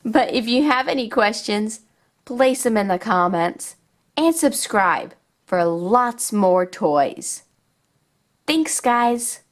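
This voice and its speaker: A woman's voice: on the high side, animated. A woman hosting a toy video, narrating play in a child-directed way. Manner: slow, sing-song and child-directed.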